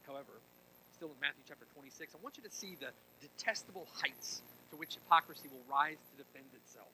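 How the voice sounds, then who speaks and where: Bright-voiced man preaching with emphasis. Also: a little high, fast talker, slight background noise, rough recording. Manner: emphatic preaching with rhetorical "right?" asides; swings between quiet intensity and loud emphasis. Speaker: pastor. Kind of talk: sermon.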